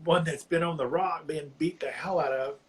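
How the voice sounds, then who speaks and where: Guy on the verge of tears, talking slow and halting, kinda higher voice, keeps restarting. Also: slight background noise, rough recording. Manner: halting, heartfelt, slow, often restarting phrases. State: close to tears. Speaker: caller on a live psychic reading. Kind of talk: emotional personal sharing.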